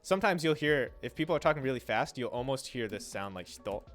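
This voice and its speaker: A young man casually explaining Japanese pronunciation on a livestream, trailing off, restarting and sounding out syllables slowly. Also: medium pitch, animated, fairly bright tone, faint music behind. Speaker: streamer teaching Japanese.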